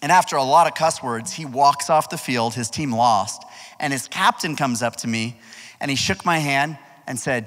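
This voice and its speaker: A man preaching to a youth group as its pastor, telling a personal story with lively energy and asking the crowd questions. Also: mid-range voice, moderate pace. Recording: long hall reverb.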